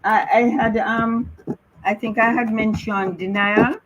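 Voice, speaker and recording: A woman's voice: fairly high pitch, fairly even intonation, measured pace, highs cut off, crowd noise. A middle-aged woman speaking on the radio as a bereaved mother, earnestly and repetitively urging listeners. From Jamaica. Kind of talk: emotional radio talk.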